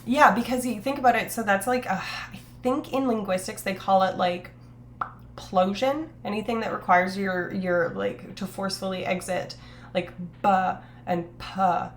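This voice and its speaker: A woman's voice: mid-range voice, moderate pace, a little hiss or hum. Rambling woman streamer, casual chat. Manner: rambling, many fillers and self-corrections; reads chat aloud and reacts.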